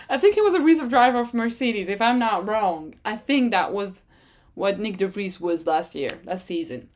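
A chatty podcast host speaking alone and casually, she has French as her first language and a medium-pitched voice at a moderate pace. Her talk drifts, she revises what she says, and she breaks into sudden excited leaps.

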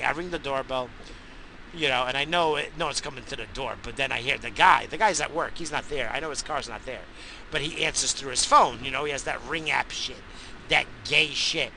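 Man, angry profane rant, fairly high voice, raspy fry, constant cursing, sudden shouting. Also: a little hiss or hum, poor audio. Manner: swears constantly, bursts into shouting.

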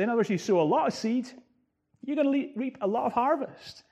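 A man's voice: high voice, expressive, fairly quick, darkish tone, husky. A man preaching a sermon, reading scripture and explaining it with rising emphasis on key words. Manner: quotes and explains scripture verse by verse. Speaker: pastor.

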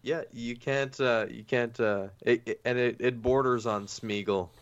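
A man's voice: medium pitch, steady tone, a little slow. A man co-hosting a comedy podcast, chatting casually, rambling with many restarts and frequent laughs. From half Indian, half Italian heritage. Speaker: podcast co-host. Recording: dull lo-fi sound.

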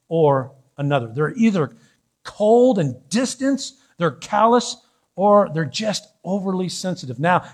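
A male pastor preaching a sermon in church, teasing the congregation and building to fervent calls. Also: high voice.

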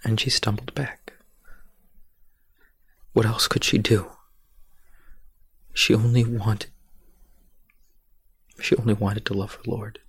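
A male preacher retelling a scripture story in a sermon, hushed and often dropping to a whisper for drama. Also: on the low side, level tone, takes it slowly, pauses often, breathy edge, no echo.

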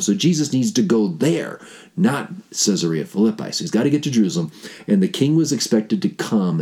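A man teaching about the gospel story, telling it with animated energy, rhetorical questions and big swings between excited and quiet delivery. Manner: swings from excited high pitch to low, quiet explaining. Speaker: Bible teacher.

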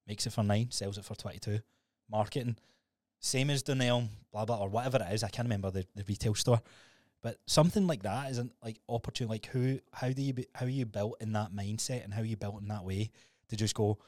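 A man co-hosting a podcast, telling stories in a sweary, animated, casual way. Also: on the low side, fast, no echo, clean studio sound. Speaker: podcast co-host.

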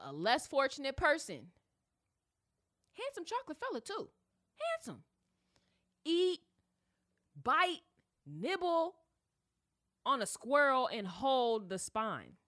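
A woman hosting a podcast, telling a story in a casual, slangy way and acting out voices as she goes. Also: a little high. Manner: animated, slangy, acts out voices. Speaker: podcast host.

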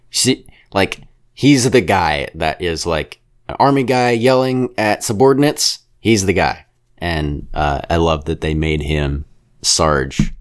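A man co-hosting a podcast, chatting casually and rambling about a film with strong opinions. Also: deep voice. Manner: rambling, opinionated, keeps slipping into quick character impressions. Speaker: podcast co-host reviewing a film. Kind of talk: casual chat.

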